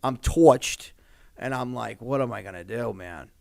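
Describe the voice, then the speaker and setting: A man, telling stories on a podcast in a loose, swearing, animated way, acting out other people's voices. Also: medium pitch, measured pace, gravelly. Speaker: podcast guest. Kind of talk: casual storytelling.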